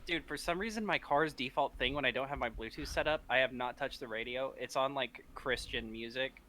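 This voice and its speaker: A young man co-hosting a podcast, teasing his partner and quick to laugh. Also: medium pitch, bright, forceful tone, rough recording. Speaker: podcast co-host. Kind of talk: casual podcast banter.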